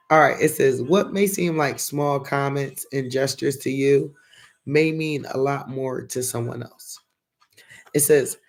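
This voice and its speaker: Gravelly-voiced Philly man reading tarot. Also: mid-range voice. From Philadelphia. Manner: chatty, reads affirmation cards aloud and talks to viewers in the chat. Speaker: tarot reader. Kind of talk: casual live-stream tarot reading.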